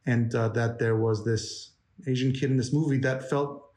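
A man's voice: medium pitch, steady tone, normal speed, darkish tone. A man in his forties from New York, chatting as an interview guest in a rambling way with many fillers and restarts. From New York, United States. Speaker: interview guest, animation story artist. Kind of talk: casual interview chat. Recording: roomy echo.

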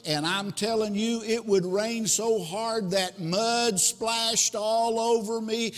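A man's voice: sits high, pitched above the performer's own voice. A man voicing a proud, folksy male cucumber in a sermon, telling his story earnestly. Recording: long hall reverb.

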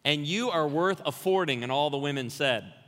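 A man, a guest pastor, preaching a humorous sermon full of stories in an animated way in a church. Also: fairly high pitch, normal speed. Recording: church hall reverb.

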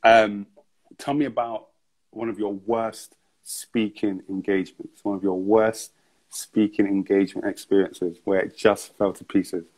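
A man with a fairly low voice hosts a casual interview. He asks his questions calmly and reacts with easy, encouraging remarks. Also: unhurried, low-quality recording.

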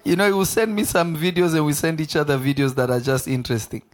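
A preacher delivering a live sermon in an animated manner, laughing often and throwing questions to the congregation. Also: male voice, a little high, fast, a faint crowd.

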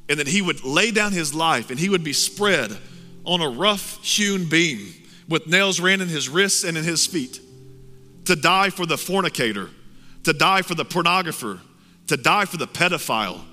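A man delivers an impassioned sermon with a very bright, forceful voice, swinging from loud urging to hushed intensity. His words ring out in a large hall with a long reverb, and soft music plays behind him. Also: a little high, expressive, moderate pace. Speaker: pastor. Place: church hall.

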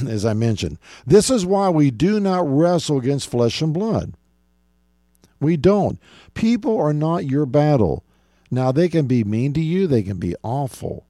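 Mellow-voiced man preaching earnestly. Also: sing-song, measured pace, no echo, studio quality. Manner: earnest preaching with repeated phrases and emphatic pitch swings. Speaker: pastor and Bible teacher. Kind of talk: radio Bible teaching.

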